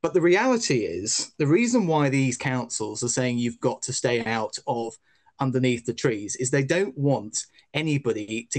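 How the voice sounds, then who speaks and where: Man with a dismissive argumentative tone. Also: mid-range voice. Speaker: commentator. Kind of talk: opinionated news commentary.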